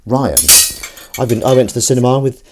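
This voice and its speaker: A man casually chats on stream as he washes up at his kitchen sink, rambling and reading viewer comments while dishes and cutlery clatter. His voice is medium-pitched and fairly quick, with background noise.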